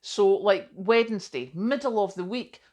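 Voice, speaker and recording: A woman's voice: mid-range voice, a little slow, darkish tone. A middle-aged woman, chatting casually to camera as a vlogger, self-deprecating and full of asides.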